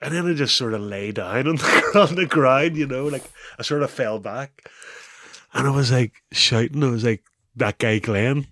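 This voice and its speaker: A man's voice: mid-range voice, brisk, dry recording, clean studio sound. Northern Irish man telling a wild story. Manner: animated storyteller, says "bro" and "wee", laughs often. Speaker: guest, former rugby player. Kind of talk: casual storytelling interview.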